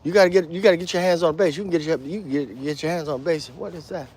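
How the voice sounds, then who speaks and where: A man teaching bass in a casual walk-and-talk outdoors, talking blunt street slang with cursing and counting beats out loud. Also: fast talker, slightly rough. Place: outdoors, walking.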